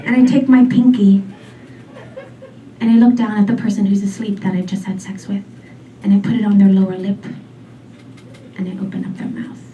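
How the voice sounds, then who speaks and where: A woman in her forties doing a stand-up comedy set, rambling and deadpan, full of "um" and "like". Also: medium pitch, normal speed, long pauses. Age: 40s. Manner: rambling, filler-heavy, deadpan. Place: comedy club stage. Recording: distant mic with faint room noise.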